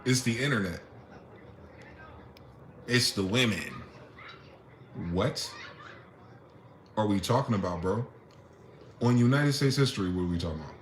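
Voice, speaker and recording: A fired-up man rants on his own, profane and full of rhetorical questions. His voice sits on the low side. It rings around a roomy space, with a faint hiss of noise behind it. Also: expressive, a little slow, long pauses. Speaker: vlogger. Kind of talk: impassioned solo rant. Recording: echoey room.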